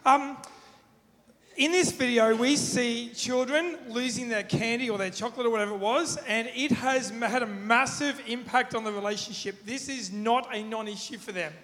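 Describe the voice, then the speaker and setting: A man's voice: very high-pitched, moderate pace, fairly bright tone, slight background noise. A man preaching in a casual, conversational way, asking the audience questions and acting out everyday examples. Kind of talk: sermon. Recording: long reverb in a hall.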